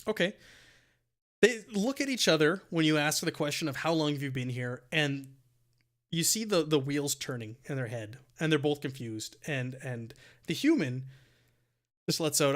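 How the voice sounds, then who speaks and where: A man's voice: a little high, normal speed. A man narrating as dungeon master of a tabletop game, often stumbling and repeating words as he describes scenes.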